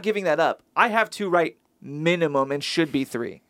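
A young man co-hosting a podcast, playing a trivia quiz with animated, indignant outbursts and mock frustration. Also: a little high, normal speed, hardly any pauses, dry recording, clean studio sound. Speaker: podcast co-host, quiz contestant. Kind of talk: casual podcast banter.

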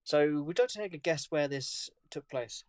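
Guy cohosting a chill podcast w friends, bit higher pitched, dry close sound, stumbly restarts n casual swearing. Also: dry recording. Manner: loose, halting talk with restarts and swearing. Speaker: podcast co-host. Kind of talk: casual chat among friends.

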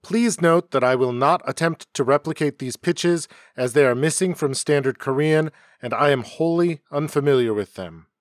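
Male podcast host, fairly high voice, calm scripted explainer, dry close sound. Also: no echo. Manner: measured, explanatory delivery. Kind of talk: scripted educational narration. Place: home setup, dry sound.

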